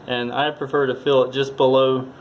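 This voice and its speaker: Man, gravelly voice, flat delivery, mumbly tutorial read, phone recording with faint hiss. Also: medium pitch. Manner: mumbling, halting, thinking aloud. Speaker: tutorial presenter. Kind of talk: casual hands-on demonstration.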